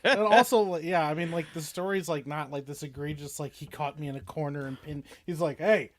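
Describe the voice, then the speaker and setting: A man's voice: a little high, fairly quick. A man in a casual podcast chat, joking and laughing often.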